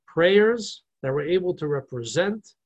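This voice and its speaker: Husky-voiced man teaching a religious class. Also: fairly high pitch, measured pace, poor audio. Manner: animated storyteller, rhetorical questions, frequent restarts. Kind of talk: casual religious class lecture.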